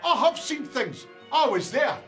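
An actor with a Scottish accent playing a touchy, dramatic middle-aged ex-soldier wearing a dress in a comedy. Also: male voice, extremely high pitch, big pitch swings, a little slow, fairly bright tone, soft background music, heavily acted. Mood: defensive. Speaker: comedy character, a veteran in a dress. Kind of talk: sitcom acting.

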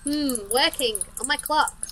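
A woman voicing a fussy, cryptic old male clockmaker who speaks slowly and deliberately. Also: sits high, fairly bright tone, a little hiss or hum, rough recording.

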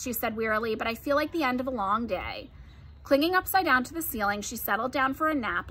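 A woman reading a children's book aloud in a gentle, expressive storytelling manner. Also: fairly high pitch, a little hiss or hum. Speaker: storybook reader.

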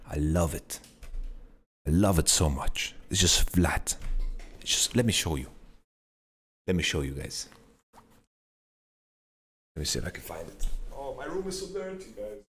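A man hosting a podcast, telling a rambling story in an animated, sweary way and playing out his own thoughts. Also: a little slow, long pauses, husky, soft background music. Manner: animated storytelling, swears freely, mimics himself with pitch jumps. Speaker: podcast host. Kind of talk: casual rambling monologue.

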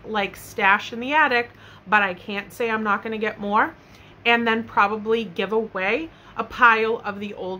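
A young woman with a bright, fairly high voice gushes over her finds in a casual home vlog. She talks in an enthusiastic, chatty way, full of loves and likes. The recording is made on a camera mic in her bedroom, with a faint hum of room ambience behind her. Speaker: haul vlogger. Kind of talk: casual product show-and-tell.

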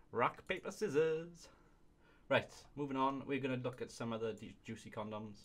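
A young man reads silly reviews off his computer at home and keeps cracking himself up. His voice is bright and a little tense, pitched at an ordinary male level. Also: steady tone, moderate pace. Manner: giggly, keeps breaking into laughter. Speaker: video host. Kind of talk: casual comedic commentary reading reviews aloud.

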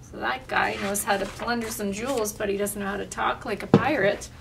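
A woman reading a picture book aloud in a lively, expressive way, adding little asides. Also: medium pitch, a little fast, vocal fry. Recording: distant mic, faint room noise.

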